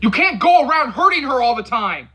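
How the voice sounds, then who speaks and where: A man voicing a protective young male friend who scolds and yells at a drunk companion. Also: very high-pitched, big pitch swings, brisk, slightly rough, voice pushed up, exaggerated voice. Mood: scolding, shouting. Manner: yelling, scolding.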